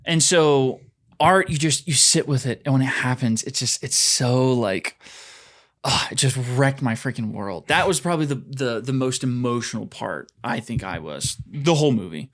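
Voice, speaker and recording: A man's voice: medium pitch, normal speed. A man co-hosting a podcast, talking casually about a film and acting out his own reactions. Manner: animated, acts out his own reactions in quotes. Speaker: podcast co-host. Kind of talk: casual film review chat.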